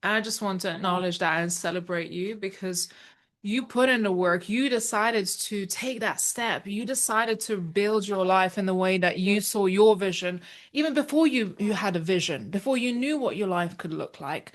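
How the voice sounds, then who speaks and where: A woman's voice: medium pitch, normal speed. A woman hosting an online awards ceremony, enthusiastically announcing a winner and affirming her over a video call.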